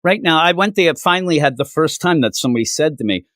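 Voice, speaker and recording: A man from Minnesota chats casually on a comic book review podcast, his fairly high voice swooping up and down. He slips into exaggerated high voices for the people in his stories. The recording is dry and close. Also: fast, dry recording. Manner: animated storyteller, acts out quoted people in high voices.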